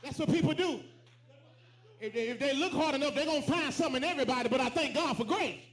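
A pastor with a very high voice preaches a fast sermon, calling out lines for the congregation to repeat and rising into shouts at the peaks. His voice echoes through a roomy church sanctuary.

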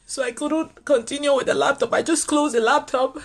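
A woman's voice: sits high, fairly even intonation, a little fast. A middle-aged woman preacher giving a personal, earnest sermon to online viewers, repeating lines for emphasis.

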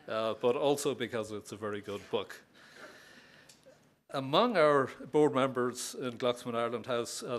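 A man opens an evening event with a formal welcome, speaking haltingly and pausing often on fillers. His voice sits at an ordinary mid pitch. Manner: hesitant, many "uh" fillers. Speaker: director of the host institute. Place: lecture hall.

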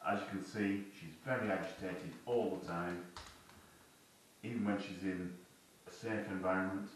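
A man explaining dog training in a plain, unhurried way as he works with his dog. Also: low-pitched, fairly even intonation, slight background noise. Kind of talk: casual training demonstration. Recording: roomy, distant camera mic.

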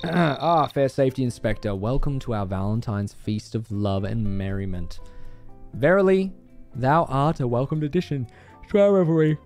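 A man's voice: mid-range voice, lively intonation, normal speed, a little mellow, faint music behind, lightly acted. A man voicing a flowery young nobleman in love, reading grandiose lines in archaic, theatrical phrasing. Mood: grand. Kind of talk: reading game chatbot lines aloud.

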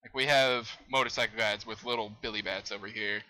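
A young man commenting on a game he is playing, excitable, exclaiming and laughing at what happens on screen. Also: fairly low pitch, fairly quick, poor audio. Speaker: gamer. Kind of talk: let's play commentary.

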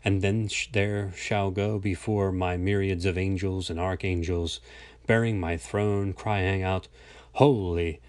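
Low-pitched guy reading scripture aloud, slow and solemn, trips on a word here and there, dry recording. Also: darkish tone, no room sound. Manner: slow, measured, with small stumbles. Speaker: reader.

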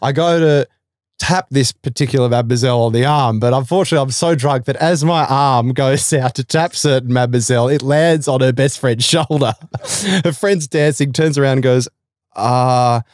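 A young man chatting on a podcast, rambling through a story with loud laughs and sudden shouts. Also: mid-range voice, moderate pace, no echo, clean studio sound. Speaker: guest. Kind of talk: casual chat.

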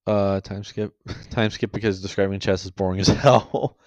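A man's voice: fairly low pitch, steady tone, normal speed, no echo. A man reading a fan story aloud, often stumbling over and restarting words. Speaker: story reader.

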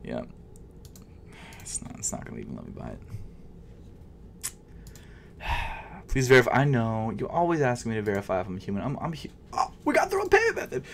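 A man with a lowish voice talking to himself as he shops online for sneakers. He swings from loud frustrated outbursts to under-the-breath whispers, casual and unscripted. A faint hiss of noise sits under the voice. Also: huge pitch swings, normal speed, vocal fry, long pauses. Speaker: sneaker vlogger. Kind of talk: casual live commentary.

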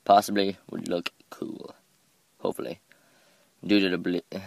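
A man's voice: low-pitched, expressive, brisk, vocal fry, no room sound. A man giving casual, rambling game commentary, self-mocking and often stumbling over his words. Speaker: gameplay commentator.

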